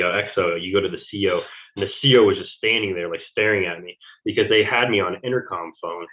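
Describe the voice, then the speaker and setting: A man telling a long personal story in an interview, halting and full of fillers and restarts. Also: on the low side. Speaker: interview guest. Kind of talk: conversational recounting of personal experiences. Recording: tinny phone-like audio.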